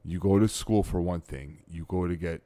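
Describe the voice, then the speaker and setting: A middle-aged man with a very low voice hosts a casual podcast, telling stories in an animated way that breaks into laughter. The sound is dry and close, with no room around it. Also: normal speed, dry recording. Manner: animated storyteller, laughs often, stumbles and restarts. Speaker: podcast host.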